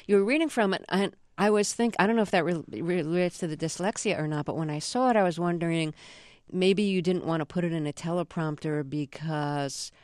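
An interviewer asking a guest measured, curious questions. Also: medium pitch, no echo, studio quality.

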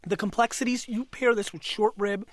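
A man talking as a wine expert guest in a studio interview, energetic, brash and joking. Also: sits high, moderate pace. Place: broadcast studio.

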